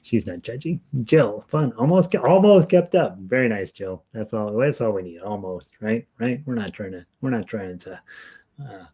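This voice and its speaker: A man's voice: on the low side, animated, normal speed, warm tone, husky. A man leading an amateur ukulele orchestra rehearsal, counting in, singing along and chatting with a self-deprecating laugh.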